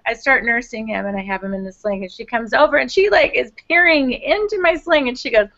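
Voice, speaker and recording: A chatty woman with a higher voice hosts a casual conversation, laughing easily and acting out the people she talks about. The recording is muffled and lo-fi. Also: quick pace, creaky, few pauses, fairly bright tone. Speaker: host. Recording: dull lo-fi recording.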